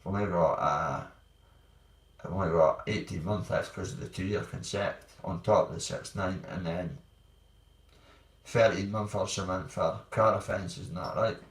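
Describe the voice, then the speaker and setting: A man's voice: sits low, moderate pace. A Scottish man telling his own hard stories in a blunt, rambling way, swearing freely. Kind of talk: candid personal storytelling. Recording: roomy sound, distant from mic.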